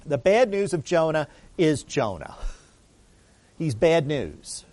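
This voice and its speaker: A man's voice: on the high side, a little mellow, dry recording. Conversational preacher man, dry sound. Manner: storytelling, conversational, with restarts and asides. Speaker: pastor. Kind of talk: sermon.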